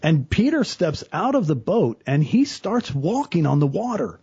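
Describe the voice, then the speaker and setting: A middle-aged man talks about faith with earnest energy. His husky voice rises and falls widely as he acts out his stories. The sound is dry and a little dull, like a lo-fi studio recording. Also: on the high side, normal speed. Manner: earnest, animated storyteller, quotes people in voices. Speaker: church worker, guest on a talk show. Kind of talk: casual faith talk.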